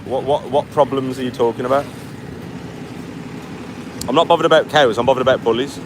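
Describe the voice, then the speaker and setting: A man's voice: mid-range voice, fairly even intonation, fairly quick. A tired man on a long walk, reading live chat aloud and firing back blunt, mocking retorts. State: tired from walking. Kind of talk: casual live-stream chat. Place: outdoors by a street on a walk. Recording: faint street noise behind.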